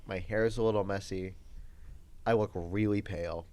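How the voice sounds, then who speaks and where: A man's voice: deep voice, moderate pace. A young man co-hosting a podcast, telling a story in casual chat, laughing often and acting out the people he quotes. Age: young adult. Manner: animated, laughs often, acts out quoted voices. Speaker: podcast co-host.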